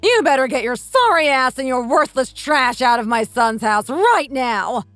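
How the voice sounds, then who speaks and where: A woman's voice: high voice, animated, moderate pace, fairly bright tone, no room sound, soft background music. A woman voicing a spiteful, domineering mother-in-law around sixty who scolds and insults, in a dramatized text-story reading. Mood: furious.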